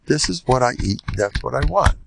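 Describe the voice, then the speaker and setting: An older man, a rabbi, teaches a Torah class in a storytelling style, his voice gravelly and husky at a medium pitch. He speaks briskly and animatedly, hopping from one story to the next and acting out the people he quotes. Background noise can be heard.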